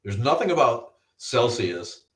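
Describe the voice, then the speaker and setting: A man co-hosting a casual livestream chat, animated, joking and swearing freely. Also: mid-range voice, measured pace, roomy sound, far from the mic. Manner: animated, profane, jokey. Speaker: podcast co-host. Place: garage.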